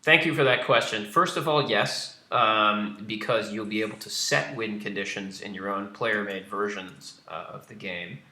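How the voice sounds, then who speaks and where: On a live stream, a game designer plays his strategy card game while explaining it and answering viewer questions, using many fillers in casual commentary. His lowish voice is sharp, at normal speed with few pauses, and the sound is roomy.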